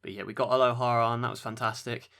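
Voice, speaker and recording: A man co-hosting a casual wrestling podcast, excitable and keeping the talk moving. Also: medium pitch, fast talker, creaky. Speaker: podcast co-host. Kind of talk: casual chat.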